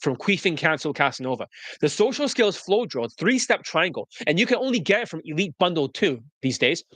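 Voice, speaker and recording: Profane ranting man, higher voice. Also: big pitch swings, brisk, a bit bright, no room sound. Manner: profane, combative, salesy. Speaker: dating coach. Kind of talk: ranting monologue.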